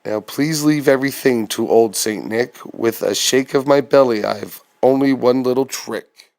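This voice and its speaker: A man's voice: medium pitch, unhurried, creaky, a little mellow. A man voicing a jolly old Santa Claus who scolds fighters in rhyme, read from a comic storybook. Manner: jovial, scolding rhymed lines.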